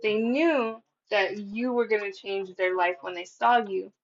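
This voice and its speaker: A woman's voice: mid-range voice, a little slow, dull audio. A woman giving a casual tarot reading, talking in a chatty, profane way with lots of "like". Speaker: tarot reader.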